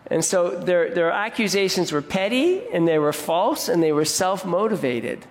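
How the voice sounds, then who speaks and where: Man preaching, earnest and direct, repeats stuff for emphasis, voice a bit high, long hall reverb. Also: normal speed. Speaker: pastor. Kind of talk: sermon.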